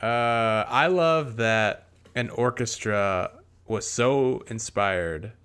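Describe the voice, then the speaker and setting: A man chatting casually as a podcast co-host, with a somewhat low voice. He sounds easygoing and conversational. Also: drawn-out words, a bit bright, clean tone. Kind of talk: casual chat.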